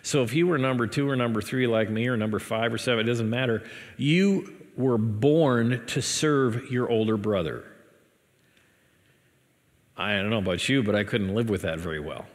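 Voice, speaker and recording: A male pastor preaching a sermon. He reads scripture dramatically, then breaks off into animated asides with laughs. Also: mid-range voice, moderate pace. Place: church sanctuary. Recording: church hall with long reverb.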